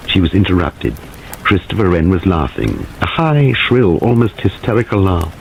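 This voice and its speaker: A man narrating an audiobook in an expressive, dramatic reading. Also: deep voice, normal speed, gravelly, highs cut off, slight background noise.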